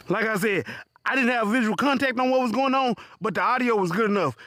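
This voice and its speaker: A man telling a profane comic story in an animated voice full of punchy asides. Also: extremely high pitch, a little fast, no echo, clean studio sound. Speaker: comedic storyteller.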